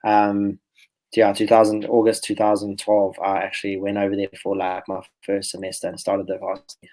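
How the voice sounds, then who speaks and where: Low-voiced man in his twenties. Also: normal speed, poor audio. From South Africa. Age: 20s. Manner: relaxed, rambling storyteller who restarts phrases. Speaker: professional golfer guest. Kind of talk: casual podcast interview.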